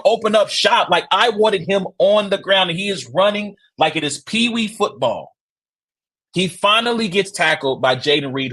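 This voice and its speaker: A man hosting a sports podcast, telling stories in a casual, excitable way and often tossing in "right?" asides. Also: mid-range voice. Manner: excitable, acts out quotes with loud shouts; conversational, rhetorical asides like "right?". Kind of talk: casual sports reaction and storytelling.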